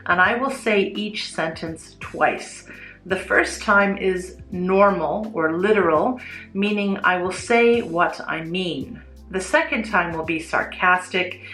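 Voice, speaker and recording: Slow, measured woman teacher in echoey room. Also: on the low side, pushed and bright. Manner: measured, clear, deliberate teaching delivery. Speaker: English teacher. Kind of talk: scripted explanatory lesson. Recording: roomy echo, faint music behind.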